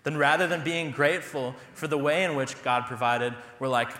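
Young pastor, bright tone, casual self-deprecating sermon delivery, roomy church echo. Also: male voice, on the high side, moderate pace, hardly any pauses. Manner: conversational, self-deprecating humor. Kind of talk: sermon with personal stories. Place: church sanctuary.

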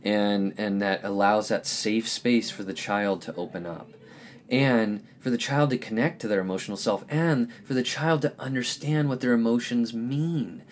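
A man hosting a podcast, giving a reflective spiritual teaching in an earnest, gentle, searching way. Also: lowish voice, moderate pace. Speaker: podcast host.

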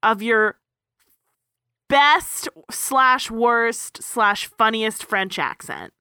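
A woman co-hosting a podcast in casual chat, animated and teasing, quick to correct. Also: a little high, clean tone, dry recording, clean studio sound. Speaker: podcast co-host.

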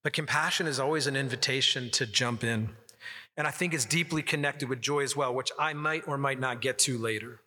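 A man's voice: mid-range voice, fairly quick, sharp tone. A man giving an earnest, conversational sermon, telling stories from the pulpit. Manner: earnest, conversational preaching with storytelling. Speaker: pastor. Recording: long hall reverb.

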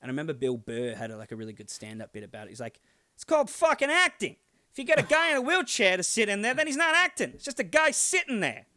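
Aussie guy cohosting a podcast, kinda high bright voice, really bouncy, jokey, dry close sound. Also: wildly swooping pitch, dry recording. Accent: Australian. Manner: jokey, laughs often, quick comebacks. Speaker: podcast co-host. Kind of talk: casual podcast banter.

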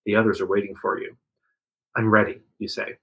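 A man's voice: lowish voice, little pitch movement, fairly quick, a bit bright, low-quality recording. A man reading a second-person adventure story aloud to friends, voicing the quotes with some liveliness. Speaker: narrator reading an interactive story.

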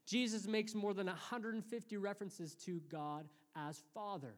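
A man in his thirties preaching a sermon, praying and telling stories earnestly, with lively acted-out quotes. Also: high-pitched, moderate pace. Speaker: pastor. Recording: hall reverb.

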